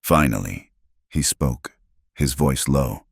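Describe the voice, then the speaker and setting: A man with an extremely deep, low voice reads a story aloud in a measured, unhurried manner. The sound is close and dry, with no room around it. It is plain scripted narration throughout. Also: lively intonation, darkish tone, dry recording.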